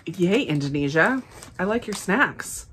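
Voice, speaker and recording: A woman chatting casually as she unboxes and tastes snacks, upbeat and quick to laugh. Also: on the low side, lively intonation, a bit bright, breathy edge. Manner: chatty, enthusiastic, frequent laughs. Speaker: snack reviewer. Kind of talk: casual unboxing and tasting vlog.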